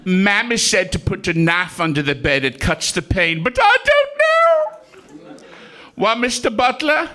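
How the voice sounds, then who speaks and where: A man doing a stand-up impression of Stan Laurel playing a panicky young maid, in a high, crying falsetto with drawn-out whimpers. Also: very animated, pushed and bright, heavily acted. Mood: panicky, weepy.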